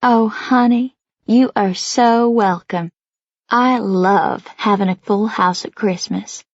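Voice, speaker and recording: A woman voicing a warm, motherly older grandmother with an affectionate drawl, read as an audiobook figure. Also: medium pitch, slow, no room sound, dull audio.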